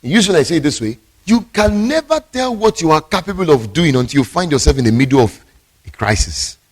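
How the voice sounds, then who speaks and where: Preacher telling a story in a sermon. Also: male voice, on the high side, big pitch swings, fairly quick, breathy edge. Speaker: pastor.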